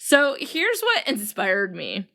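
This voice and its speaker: A woman's voice: mid-range voice, wildly swooping pitch, takes it slowly, bright, forceful tone. A woman hosting her own podcast in a chatty solo talk, worn out and very tired, laughing often as she talks. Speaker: podcast host. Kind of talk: casual solo podcast chat.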